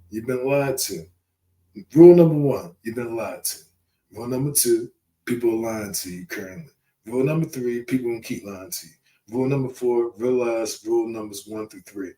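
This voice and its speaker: A man's voice: mid-range voice, darkish tone. A man hosting his channel, delivering an impassioned, preachy monologue full of profanity and emphatic outbursts. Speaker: channel host.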